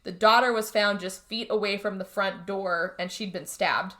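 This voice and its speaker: A woman casually retelling a movie plot on a podcast, chatty and animated, jumping into higher voices for the characters. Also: moderate pace. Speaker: podcast co-host. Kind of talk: casual movie recap chat.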